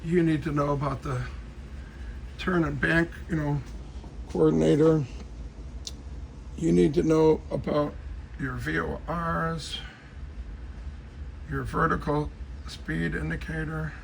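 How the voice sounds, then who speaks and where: A man's voice: a little high, little pitch movement, slow pace, vocal fry, long pauses, slight background noise, poor audio. A man casually giving a rambling, joking tour of his cluttered space, talking straight to a friend.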